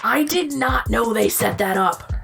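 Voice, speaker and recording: Animated woman retelling a film plot. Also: a little high, unhurried, vocal fry, soft background music. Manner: animated storytelling, acting out characters' lines, swears freely. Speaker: podcast co-host. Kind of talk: casual chat, film recap.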